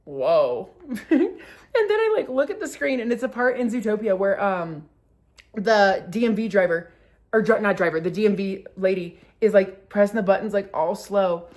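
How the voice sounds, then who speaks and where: A woman's voice: normal speed, a little mellow. Young woman vlogger, casual storytime, filler-heavy, giggly. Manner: filler-heavy with constant "like", bursts into laughter; acts out quotes with sudden high squeals.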